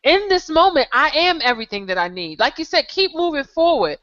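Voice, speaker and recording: A woman hosting a live online show, exclaiming with excitement and reading viewer comments aloud. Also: high-pitched, fairly quick. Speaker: show host. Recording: dull lo-fi sound.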